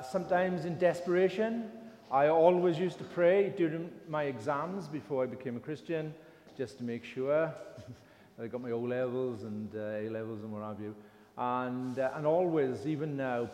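A man's voice: mid-range voice, mellow. An older man with an English accent giving an informal sermon, chatty and self-deprecating as he tells a story. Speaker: lay preacher. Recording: reverberant hall.

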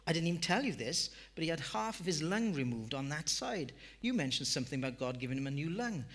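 A man's voice: a little high, sing-song, fast, fairly bright tone, voice pushed up, heavily acted. Tearful, grateful woman caller, breathless, a male pastor quoting her. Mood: emotional. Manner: breathless, emotional.

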